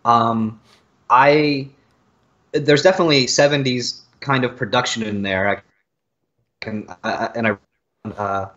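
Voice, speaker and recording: A man's voice: medium pitch, fairly even intonation, a little slow, pauses often, fairly bright tone, muffled recording. A man co-hosting a casual album-review chat over a remote call, with a dry, teasing humor. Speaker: podcast co-host.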